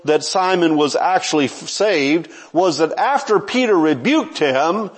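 A man's voice: fairly high pitch, animated, unhurried, breathy edge. A man preaching a sermon to a congregation, talking in a conversational way and often restarting his phrases. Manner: conversational, self-correcting, with frequent restarts. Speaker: pastor.

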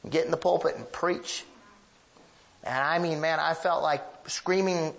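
Speaking at a measured pace in a creaky, fairly bright voice with fairly even intonation, a man from the northern United States preaches as a pastor. His sermon is emphatic and confessional, built on personal stories, with sweeping pitch rises and big swings in his voice.

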